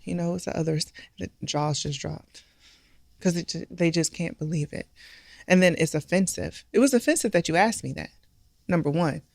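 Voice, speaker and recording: A woman's voice: on the low side, normal speed, vocal fry, a little mellow, dry recording, studio quality. A middle-aged woman, a bar owner, speaking candidly and emphatically in an interview, often using rhetorical questions. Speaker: guest, restaurant and bar owner.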